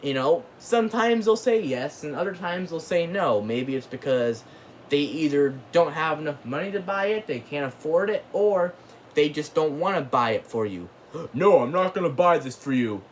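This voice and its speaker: A man's voice: fairly high pitch, lively intonation, normal speed, slight background noise. A man hosting his own channel, ranting casually in a rambling way, full of filler words and mild cursing. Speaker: channel host.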